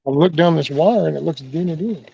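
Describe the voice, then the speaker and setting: A man's voice: fairly high pitch, moderate pace, gravelly, dark tone, husky. A man hosting a backyard chicken vlog, telling rambling, jokey stories in casual chat and swearing freely. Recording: dull lo-fi dry audio.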